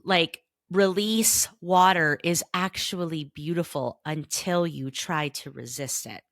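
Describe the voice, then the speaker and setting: A woman's voice: on the low side, dry recording, clean studio sound. A woman in her thirties hosting a solo podcast, talking earnestly and directly to her listeners with casual advice. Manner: warm, earnest, emphatic, addresses listeners directly. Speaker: podcast host and therapist.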